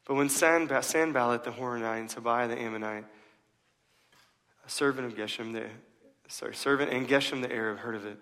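A man's voice: mid-range voice, pushed and bright. A male pastor preaching a sermon in a casual, emphatic way, full of slang, in a church. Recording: long reverb of a large hall.

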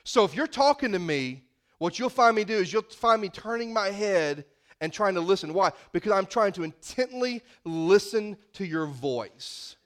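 A man's voice: high voice, animated, normal speed. A male pastor preaching a sermon in a folksy, conversational manner.

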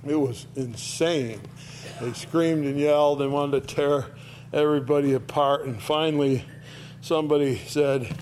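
A man giving an informal Bible teaching, retelling the scripture in lively storytelling and acting out the quoted voices. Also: a little high, unhurried, slight background noise.

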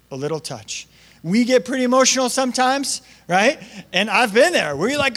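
A man's voice: high-pitched, big pitch swings, fairly quick, a bit bright. A young man preaching a sermon in a casual, conversational way. He acts out quotes with big swings in his voice. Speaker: pastor. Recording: long hall reverb.

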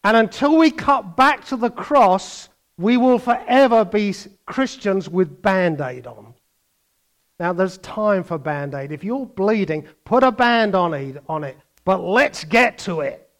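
Preaching with great animation, an older man moves between booming outbursts and hushed asides, mimicking other people along the way. He speaks in a high pitch at an unhurried pace.

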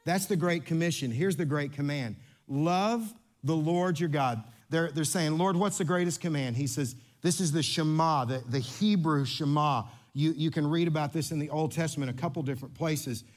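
High-voiced man preaching playfully. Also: normal speed, few pauses. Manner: lively, interactive, playful with congregation. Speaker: pastor. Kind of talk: sermon. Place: church sanctuary.

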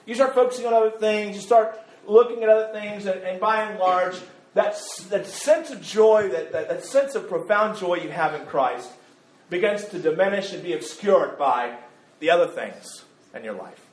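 Male pastor, high voice, sermon, casual joking delivery, repeats words, echoey church room. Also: moderate pace. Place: church sanctuary.

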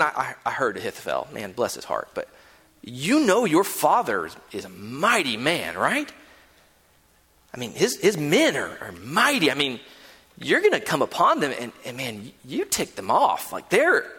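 A man's voice: a little high, huge pitch swings, moderate pace, sharp tone, breathy edge, exaggerated voice. A scheming royal advisor talks in loose, slangy street talk and trips over his own words as he works on his listener, put on by a pastor mid-sermon. The voice swings widely up and down. A long hall reverb trails behind every word. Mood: coaxing. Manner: casual slangy talk with stammered repeats.

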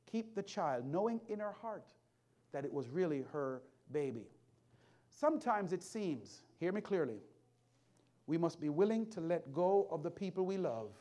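A man preaching a sermon, telling a story from his work as a hospital chaplain, swinging from hushed to loud with repeated build-ups. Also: on the high side.

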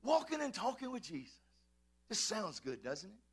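A male pastor preaching fervently in a church, swinging from shouts to quiet asides and calling out to his congregation. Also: sits high, wildly swooping pitch, moderate pace, slightly rough. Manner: addresses congregation, calls and repeats. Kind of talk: preaching a sermon.

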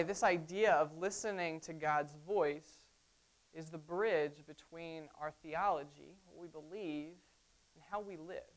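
A woman pastor preaching a sermon, conversational, often checking in with the congregation. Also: sits low. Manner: conversational, frequent "right?" asides to the congregation.

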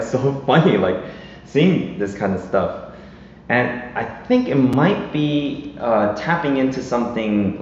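Male pastor, thirties to forties, chatty sermon style, roomy and slightly lo-fi with faint noise. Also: fairly low pitch. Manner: casual, chatty, often asks "right?". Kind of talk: conversational sermon. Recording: echoey hall, dull, faint noise.

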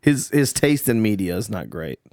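A man co-hosting a podcast in casual chat, a playful joker with quick banter. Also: on the low side, big pitch swings, darkish tone, no echo, clean studio sound. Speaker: podcast co-host.

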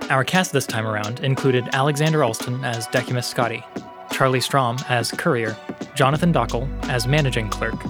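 A man narrating a fantasy story as the podcast's host, in even, measured storytelling. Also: mid-range voice. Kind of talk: scripted audiobook narration.

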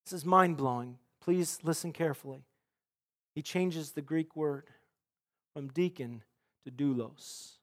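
A middle-aged male pastor preaching with a notably high voice. He is earnest and dynamic, pressing some lines out loudly and dropping others to a near hush. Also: measured pace. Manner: earnest preaching, swings from loud emphasis to hushed. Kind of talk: sermon.

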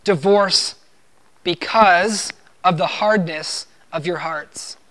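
A man's voice: sits high, takes it slowly, fairly bright tone. A man preaching a sermon as pastor, earnest and emphatic, driving points home with firm repeated refrains.

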